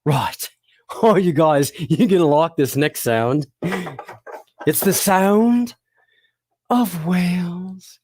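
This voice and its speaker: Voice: mid-range voice, animated, takes it slowly, long pauses, a little mellow, slight background noise. A performer presenting an educational show for children, playful and encouraging, often laughing and asking the audience questions. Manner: addresses the audience directly with questions.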